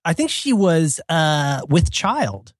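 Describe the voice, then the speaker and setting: Podcast co-host, male, higher-pitched and animated, playful delivery, dry close mic. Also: slow pace, no room sound. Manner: playful, breaks into sung bits and silly voices. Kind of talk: casual chat.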